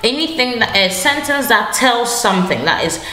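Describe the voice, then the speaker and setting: Sharing her screen for an online grammar lesson, a woman speaks at normal speed in a fairly high, bright, forceful voice with lively intonation. She stays patient, repeats key phrases and corrects herself along the way, in an echoey room with faint ambient noise.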